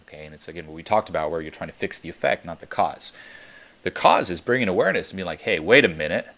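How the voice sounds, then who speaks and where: A man's voice: low voice, animated, fast talker, gravelly, a bit bright. A young man coaching on a teleconference, talking bluntly with plenty of swearing and emphatic repetition. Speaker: dating coach.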